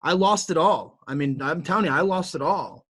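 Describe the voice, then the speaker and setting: In this interview, a guest entrepreneur recounts his journey with energetic, motivational fervor that climbs to emphatic high points. His husky voice sits on the high side at a normal speed, and his speech is full of repetitions and restarts.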